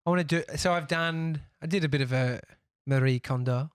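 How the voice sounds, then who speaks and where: A man's voice: on the high side, brisk, smooth, dry recording. Aussie guy in his 30s cohosting a podcast, blunt and sweary, laughs a lot, dry close mic. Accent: Australian. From Australia. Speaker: podcast co-host. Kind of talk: casual studio banter.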